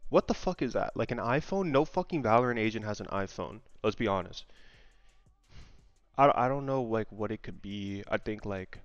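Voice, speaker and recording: A young man casually vlogging a daily guessing game, thinking aloud, excitable and swearing freely. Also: fairly low pitch, moderate pace, no room sound, soft background music. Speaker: gaming content creator. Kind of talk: casual gaming vlog commentary. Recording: dry, slightly muffled home mic.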